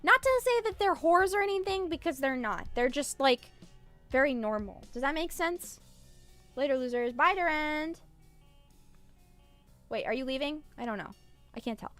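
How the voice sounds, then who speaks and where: A woman's voice: sits high, expressive, moderate pace, pauses often, fairly bright tone, faint music behind. A woman streamer rambling in casual live-stream chat, irreverent and swearing freely.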